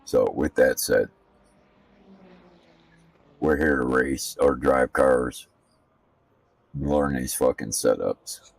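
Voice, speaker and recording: A man with a very deep, gravelly voice talks slowly and bluntly, swearing freely as he gives casual commentary between practice laps. His voice sits a bit back from the mic, with a dry room around it. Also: no room sound, distant mic. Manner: profane, ranting, blunt. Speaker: sim racing streamer.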